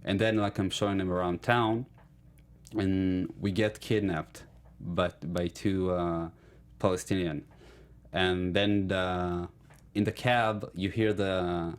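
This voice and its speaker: A deep-voiced man with an Israeli accent talks in a studio interview. He is a native Hebrew speaker and speaks casually. He is good-humored and laughs easily as he tells his stories. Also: level tone, takes it slowly, smooth. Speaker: actor guest.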